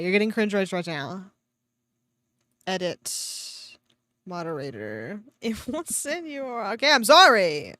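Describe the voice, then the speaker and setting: A woman's voice: mid-range voice, very animated, takes it slowly, fairly bright tone, no echo. A woman streamer reading a fan story aloud with sarcastic commentary, swearing freely and laughing often, at a home desk mic.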